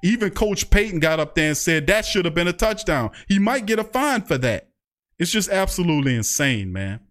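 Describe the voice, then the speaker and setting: A man hosting a fan podcast live, loud and fired up, trash-talking and reading out the chat. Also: sits high, sing-song, a little fast. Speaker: podcast host. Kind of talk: fired-up livestream sports talk.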